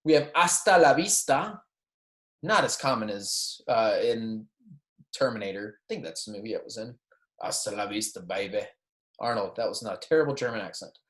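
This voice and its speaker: A man leads a beginner Spanish class, saying phrases twice so students can repeat them and often pausing to ask "right?". He slips in light jokes between points. His voice sits at an ordinary pitch, and the room around him rings with a roomy echo. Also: lively intonation, a bit bright. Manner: light joking asides. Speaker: Spanish teacher. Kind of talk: recorded classroom lecture.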